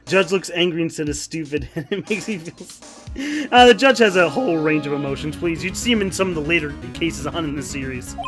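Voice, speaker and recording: A man giving casual gameplay commentary as a streamer, excitable and swearing a lot, over game music. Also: a little high, fairly quick.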